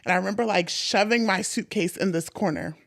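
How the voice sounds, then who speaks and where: A woman podcast host telling a personal story in an animated, chatty way, full of "like" fillers. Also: mid-range voice, brisk, gravelly, dry recording, clean studio sound.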